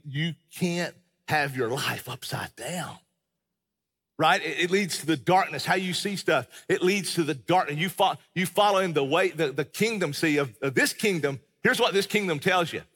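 A man preaches a sermon, emphatic and conversational, repeating and restarting his phrases. His voice sits a little high, bright and a touch husky. A long hall reverb trails each line. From American South. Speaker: pastor. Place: church sanctuary.

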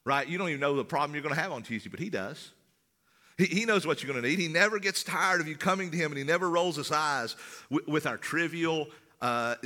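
A middle-aged male pastor preaching in a conversational style, repeating words and swinging from loud to hushed. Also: a little high. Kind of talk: sermon.

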